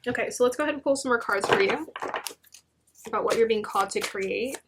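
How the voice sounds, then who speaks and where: A woman's voice: on the high side, quick pace, noisy background. Encouraging woman reading tarot. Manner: gentle, encouraging, with fillers and restarts. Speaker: tarot reader.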